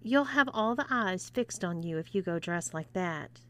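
A woman's voice: lowish voice, lively intonation, normal speed, fairly bright tone. A woman voicing a nervous young man who speaks hesitantly. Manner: hesitant, gulping.

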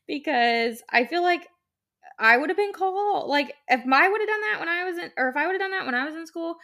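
A woman's voice: high voice, lively intonation, a little fast, bright, forceful tone. A young woman hosting her own podcast, talking casually in a chatty, rambling way with lots of "like" and "um". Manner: chatty and rambling, many "like" and "um" fillers. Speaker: podcast host. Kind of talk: casual solo podcast monologue.

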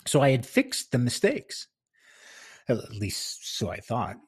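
A man's voice: mid-range voice, huge pitch swings, slow, husky. A man hosting a casual solo podcast from his home office, chatty and self-deprecating, laughing often. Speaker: podcast host. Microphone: close podcast mic.

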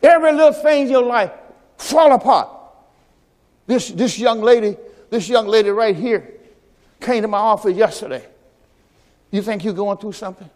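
High-voiced preaching man in a reverberant church. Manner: preaching with call-and-response, rising to shouts; storytelling with acted quotes and sound effects. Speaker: pastor. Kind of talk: sermon. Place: church sanctuary. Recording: church service recording with long hall reverb and faint music.

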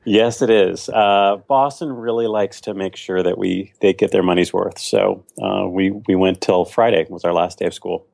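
A man's voice: low-pitched, fairly even intonation, normal speed, creaky, hardly any pauses, a little mellow, no echo. A man answering interview questions as a podcast guest, easygoing with frequent fillers.

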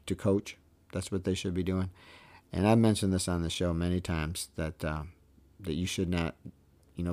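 Give me a low-pitched middle-aged man, a veteran umpire hosting a podcast, talking casually and pressing his points hard. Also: darkish tone. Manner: emphatic, keeps checking in with "okay?" and "all right?". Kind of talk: casual storytelling monologue.

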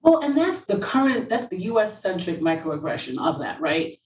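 A woman's voice: mid-range voice, big pitch swings, moderate pace, a little mellow, recorded from a distance. A woman chatting candidly as an interview guest, telling stories animatedly and laughing often. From England. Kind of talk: casual interview chat. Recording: roomy sound from away from the mic.

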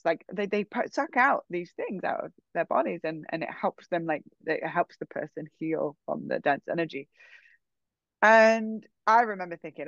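A woman speaks in a loose, animated storytelling way, scattering "like" and "um" through her sentences. Her voice sits at a middling pitch and sounds close and dry with little room sound. The audio is a bit dull and lo-fi. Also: normal speed, no echo. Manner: animated, frequent "like" and "um" fillers. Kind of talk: casual storytelling.

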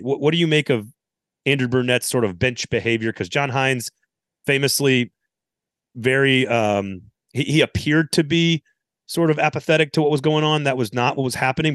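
A man's voice: mid-range voice, no echo, studio quality. A man hosting a casual sports podcast, laid-back and wry, with plenty of ums and uhs. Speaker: podcast host.

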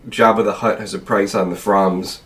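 Uomo dalla voce bassa, un po' lontano dal microfono. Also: male voice, flat delivery, moderate pace, a little hiss or hum. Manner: hesitant, with stammered restarts. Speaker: podcast co-host. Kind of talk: casual review chat. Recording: voice a bit distant from the mic.

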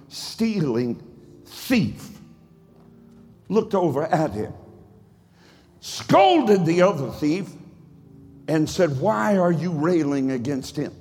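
A male pastor preaching a sermon in a rhythmic, cadenced style that swells into shouts. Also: fairly high pitch, long reverb tail. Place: church sanctuary.

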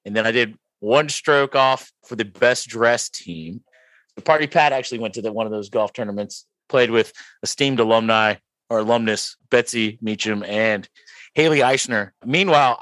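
A young man hosts a casual podcast chat over drinks, rambling through stories and laughing often. His voice is bright and forward, and the sound is dry and close with no room echo. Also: medium pitch. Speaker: podcast host.

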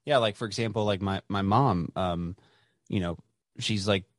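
A man hosts a podcast in casual conversation, rambling with many fillers and restarts and swearing now and then. His voice is lowish and normal in speed, with no echo.

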